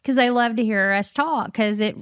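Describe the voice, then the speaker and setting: A woman's voice: a little high, moderate pace, clear, resonant tone, no room sound. A woman from Alabama with an Alabama-Tennessee Southern accent, chatting upbeat on a podcast. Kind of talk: casual chat. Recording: dull, dry lo-fi recording.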